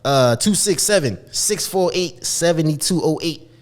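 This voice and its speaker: A man's voice: on the high side, expressive, measured pace. A man co-hosting a podcast in casual chat, swearing freely and acting out the lines he quotes. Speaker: podcast co-host.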